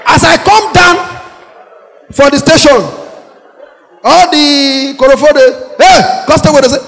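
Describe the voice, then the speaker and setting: A man with a Nigerian Pidgin English accent telling a stand-up comedy story, animated, acting out the voices of the police with shouts and laughter. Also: very high voice, moderate pace, creaky, long pauses, slight background noise. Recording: echoey hall with long reverb.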